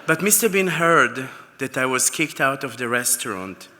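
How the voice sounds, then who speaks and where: A man's voice: medium pitch, expressive, moderate pace, bright, forceful tone. A man from Israel, telling anecdotes with fillers and restarts in an acceptance speech at an awards dinner. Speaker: award recipient. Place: large banquet hall. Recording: reverberant hall with PA.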